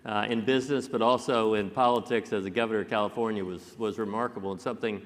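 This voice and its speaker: A man's voice: fairly low pitch, fairly even intonation, quick pace. A man moderating an onstage interview, courteous and admiring toward his guests. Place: large conference hall stage. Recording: reverberant conference hall.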